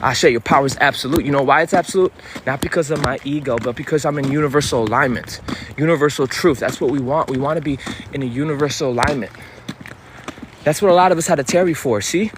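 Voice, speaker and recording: A man's voice: medium pitch, fast talker. Intense, profane preaching man outdoors. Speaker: spiritual vlogger. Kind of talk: preachy motivational monologue. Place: outdoors by a street with cars. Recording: street noise behind.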